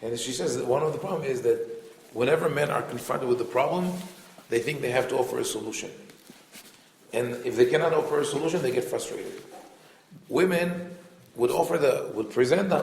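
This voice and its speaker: A man teaches a Torah class as a rabbi, his voice carrying a gravelly edge. He explains thoughtfully, pausing on fillers and restarting phrases. The room around him is echoey. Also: mid-range voice, animated, slight background noise.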